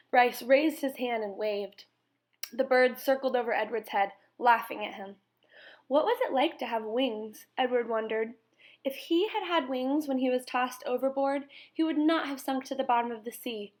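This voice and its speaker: With a slightly higher-than-average female voice, a woman reads aloud from a children's novel. Her storybook reading is expressive yet measured, calm and clear throughout.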